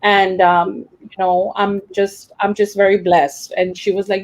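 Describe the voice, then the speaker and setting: A woman's voice: medium pitch, little pitch movement, unhurried, few pauses, rough recording. Young woman teacher, candid and emotional, talks in loose restarts. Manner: emotional, rambling with many fillers and restarts. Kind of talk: casual personal account.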